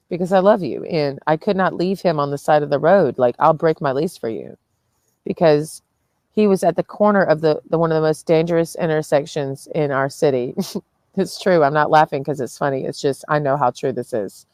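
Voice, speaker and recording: A woman's voice: low voice, moderate pace, a little mellow, no room sound. A young woman talking in a rambling, casual vlog, tired with a headache, swearing freely and laughing often between sentences. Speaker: vlogger.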